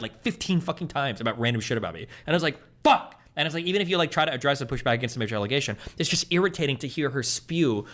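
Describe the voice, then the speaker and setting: A man streaming, venting in fast, profane, exasperated casual chat. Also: mid-range voice, a bit bright. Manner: rapid, profane, exasperated ranting.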